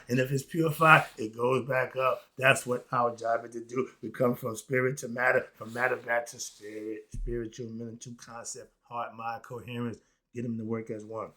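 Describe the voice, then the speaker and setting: Husky, excitable male spiritual lecturer. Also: medium pitch, moderate pace. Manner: preachy, talks straight at the audience, asks and answers his own questions; swings between quiet asides and loud excited shouting. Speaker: host.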